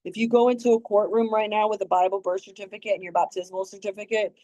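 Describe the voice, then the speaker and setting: A woman's voice: medium pitch, flat delivery, quick pace, dark tone, no room sound, low-quality recording. A woman hosting a community talk, earnestly instructing and urging listeners on. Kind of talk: teaching talk on a community call.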